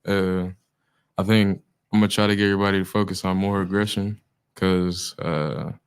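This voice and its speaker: A young man, a football player, talks in a low, even, smooth voice. His speech is relaxed and informal, full of "we be" phrasing and hesitations. The pitch stays flat and steady. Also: moderate pace. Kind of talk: casual interview chat.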